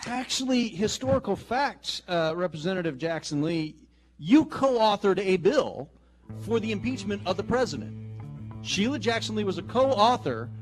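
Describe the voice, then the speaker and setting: A man's voice: sits high, animated, moderate pace, soft background music. A man co-hosting political talk radio, speaking in an argumentative, pointed way. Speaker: radio co-host. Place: radio studio.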